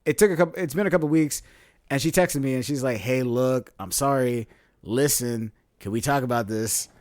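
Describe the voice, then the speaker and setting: A young man co-hosting a podcast, telling a story in a casual, animated way and laughing often as he acts out what people said. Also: mid-range voice, normal speed, no room sound, clean studio sound. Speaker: podcast co-host.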